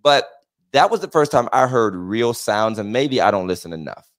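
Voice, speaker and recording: A man co-hosting a casual podcast conversation, joking and animated, often breaking into laughter. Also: on the low side, normal speed. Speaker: podcast co-host. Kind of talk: casual chat.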